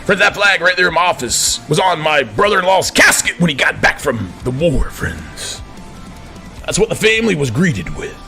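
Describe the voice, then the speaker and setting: Gravelly, animated man ranting. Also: a little high, moderate pace, soft background music. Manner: preachy, repeatedly addresses "friends", stammers when worked up. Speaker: vlogger in the persona of a command sergeant major. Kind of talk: impassioned rant to camera. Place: his office.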